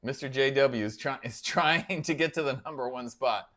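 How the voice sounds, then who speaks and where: A man's voice: mid-range voice, moderate pace, fairly bright tone. A man hosting a casual livestream, chatting loosely and answering viewers by name. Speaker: guitar channel host reading live chat.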